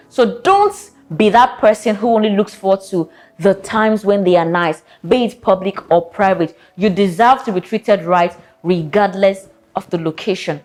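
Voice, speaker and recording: Woman therapist, vlog advice, sassy and direct, mid pitch, faint music underneath. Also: darkish tone.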